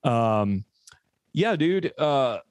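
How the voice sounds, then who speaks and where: A man's voice: mid-range voice, very animated, very slow, no room sound. An American man co-hosting a podcast, talking in a rambling, profane way full of stammered repeats. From USA. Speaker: podcast co-host. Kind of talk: casual chat.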